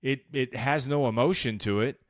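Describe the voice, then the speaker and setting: A man's voice: medium pitch, normal speed, dry recording, studio quality. A man hosting a motivational podcast, talking casually and with emphasis, using slang and acting out the voices in his head. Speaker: podcast host.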